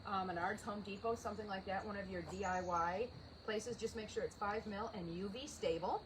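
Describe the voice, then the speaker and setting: A woman's voice: mid-range voice, steady tone, fairly quick. A woman co-hosting a gardening show, talking casually and with enthusiasm. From Minnesota. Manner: enthusiastic, playful. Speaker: co-host, master gardener. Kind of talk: casual educational chat. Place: outdoor garden. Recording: outdoor recording with background noise.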